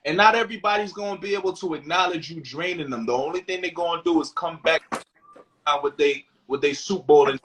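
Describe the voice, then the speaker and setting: A brisk man with a high-ish, fairly bright voice co-hosts a candid talk show in a rough recording. He's blunt and emphatic, swears freely, and reads out viewer questions in casual chat.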